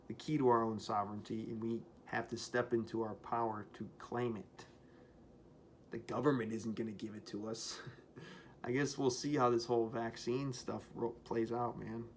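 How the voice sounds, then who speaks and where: Guy ranting casually to camera, flat monotone, swears a lot, rambles. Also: mid-range voice, a little hiss or hum. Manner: rambling, profane, with frequent fillers. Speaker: vlogger. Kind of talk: casual spoken rant.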